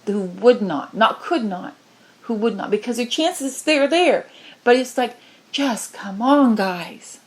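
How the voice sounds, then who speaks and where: Woman channeler with a fairly high voice, impassioned and pleading, giving a spiritual message. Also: lively intonation, slow pace. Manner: impassioned, pleading, swinging from low murmurs to high cries.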